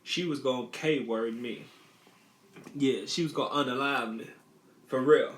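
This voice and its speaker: A man's voice: medium pitch, measured pace. A man casually telling a childhood story, rambling and repeating his phrases. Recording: roomy echo.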